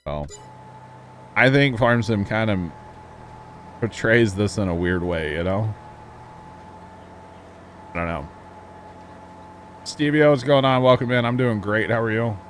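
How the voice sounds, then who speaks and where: A man's voice: fairly low pitch, lively intonation, unhurried, long pauses, a little hiss or hum. A man giving casual commentary on a farming game stream, reading and answering chat as he explains farm equipment. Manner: chatty, reads chat aloud, explains farming gear. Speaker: livestream host.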